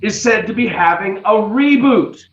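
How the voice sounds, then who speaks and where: A man hosting a comedic news segment, setting up punchlines dryly and deliberately. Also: sits high, lively intonation, fairly bright tone. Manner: dry, deliberate punchline delivery. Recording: roomy, dull recording.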